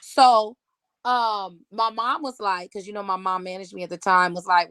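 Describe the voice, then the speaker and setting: A woman in her thirties tells a story as a podcast guest, in a blunt, heated, profane way. Her pitch sits in a middle range. The sound is dry and close, with almost no room around it. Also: moderate pace, fairly bright tone, dry recording. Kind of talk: casual chat.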